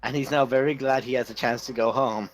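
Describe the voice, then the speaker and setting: A man's voice: medium pitch, fairly even intonation, a little fast, slight background noise, poor audio. A man narrating as game master of a tabletop game, teasing his players.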